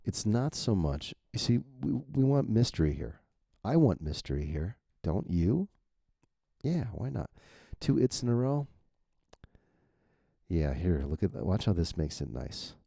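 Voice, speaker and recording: A man's voice: sits low, very animated, a little slow, gravelly, warm tone, no room sound, studio quality. A novelist thinking aloud in a rambling, casual way as he edits his manuscript, swearing freely and chuckling at himself. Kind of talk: thinking-aloud editing walkthrough.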